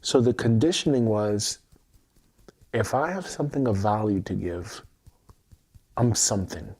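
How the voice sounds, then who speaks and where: Intense low-voiced man tapping through emotions. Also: lively intonation, measured pace, darkish tone, slightly rough. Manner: intense, repetitive affirmations, swearing. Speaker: self-help livestreamer. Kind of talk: emotional EFT tapping livestream.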